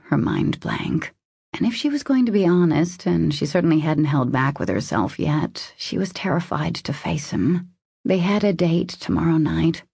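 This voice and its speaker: Low, gravelly woman narrating. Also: mellow, no room sound, clean studio sound. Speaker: audiobook narrator. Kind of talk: scripted romance narration.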